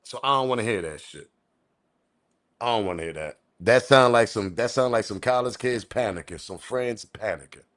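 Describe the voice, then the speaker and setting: Excitable man giving livestream commentary. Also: on the low side, moderate pace. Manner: animated, repetitive, swearing, chuckling. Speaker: online news commentator.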